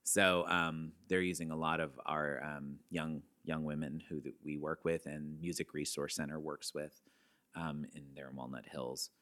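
A very low-pitched man with a light Southern lilt talks as an interview guest. His tone is bright and forceful. He rambles cheerfully, laughs often and leaves sentences hanging. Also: flat delivery, moderate pace. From Arkansas and Texas. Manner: chatty, laughs often, trails off mid-sentence. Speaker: guest from a youth writing program. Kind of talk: casual interview conversation.

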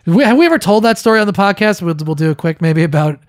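A man's voice: high voice, expressive, very fast, no echo, studio quality. A man hosting a podcast, chatting casually and telling jokey stories with his co-host. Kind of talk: casual chat.

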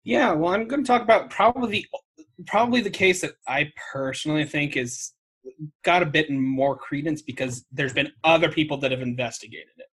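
Bright husky-voiced man telling a story. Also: on the high side, brisk. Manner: wry, swears freely, laughs at himself. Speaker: podcast co-host. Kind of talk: casual storytelling chat.

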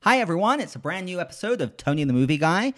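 A man's voice: high-pitched, big pitch swings, fast talker, a bit bright. A man hosting a podcast, talking in an enthusiastic, rambling way. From England. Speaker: podcast host. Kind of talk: casual podcast chat.

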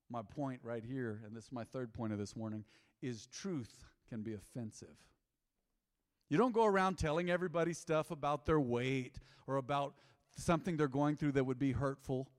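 A middle-aged man preaching a sermon as pastor, lively and humorous, with acted-out quotes. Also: mid-range voice, normal speed, long pauses. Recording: echoey hall with long reverb.

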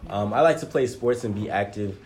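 A man's voice: fairly low pitch, a little fast, a little mellow. A young man from Nigeria, a podcast guest, earnestly telling his story in casual chat.

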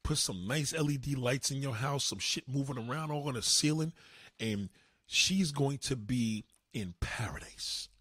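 A man hosting a livestream, ranting in a profane, animated way. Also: medium pitch, a little slow, slightly rough, no room sound, studio quality. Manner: profane, animated, swinging delivery. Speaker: livestream host. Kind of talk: ranting comedic commentary.

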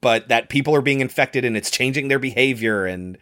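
A man's voice: medium pitch, brisk, fairly bright tone. Rambling man explaining a movie plot. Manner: rambling, filler-heavy explaining. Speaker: podcast co-host. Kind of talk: casual movie-recap chat.

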